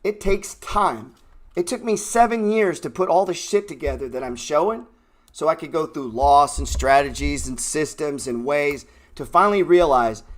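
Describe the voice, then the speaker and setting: A man's voice: fairly high pitch, a bit bright. A man hosting a trading livestream, ranting bluntly and swearing heatedly from his computer. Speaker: trading show host.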